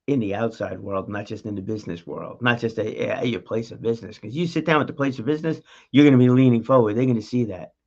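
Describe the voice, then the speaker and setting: A man's voice: medium pitch, creaky, a little mellow. Guy giving a pep talk on his podcast, punchy and emphatic, kinda dull lo-fi sound. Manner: emphatic, coaching, talks straight to the listener. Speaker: podcast host. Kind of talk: motivational monologue.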